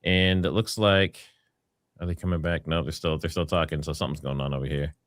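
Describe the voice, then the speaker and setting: A man with a low, deep voice hosts a live stream, upbeat and casual as he reads out viewer messages. The sound is dry and close, with no room behind it. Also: steady tone, brisk, a bit bright, no echo. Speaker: live-stream host reading super chats.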